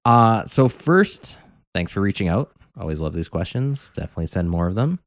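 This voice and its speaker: Deep-voiced man, rambling podcast chat. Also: very animated, normal speed, dry recording, studio quality. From Canada. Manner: rambling, lots of filler words. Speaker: podcast co-host. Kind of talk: casual chat.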